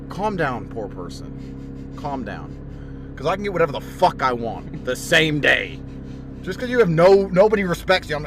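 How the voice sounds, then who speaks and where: A man's voice: a little high, big pitch swings, normal speed. A man mocking someone in a brash, profane, sneering monologue. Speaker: wealthy commentator. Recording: outdoor street noise. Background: traffic noise.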